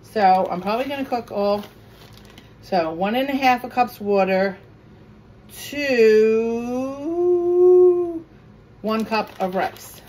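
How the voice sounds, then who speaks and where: A woman's voice: a little high, takes it slowly, pauses often, a little mellow, slight background noise, low-quality recording. A woman chatting casually in her home kitchen as she cooks and vents about her pet peeves. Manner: chatty, venting pet peeves while cooking. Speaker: cooking vlogger. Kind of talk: casual kitchen vlog chat.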